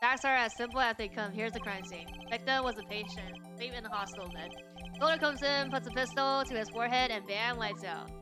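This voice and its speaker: Lady doing a blunt street-talking detective guy, kinda high pitched read, game music going. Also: a little fast, close to an everyday voice. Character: gruff male homicide detective, blunt and eager.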